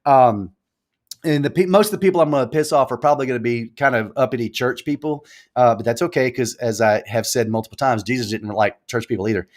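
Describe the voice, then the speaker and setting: A man hosting a casual live stream from a small room at home, rambling and animated, repeating himself as he talks. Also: medium pitch, fast. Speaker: live show host.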